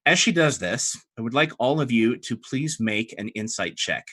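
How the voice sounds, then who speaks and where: Bright-voiced man running a tabletop game. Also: mid-range voice, moderate pace. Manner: relaxed, chatty narration with fillers. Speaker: game master.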